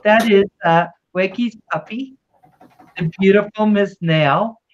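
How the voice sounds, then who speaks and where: A woman's voice: mid-range voice, slow, highs cut off. A woman hosting a livestream, chatting casually and greeting viewers with affectionate words. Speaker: livestream host.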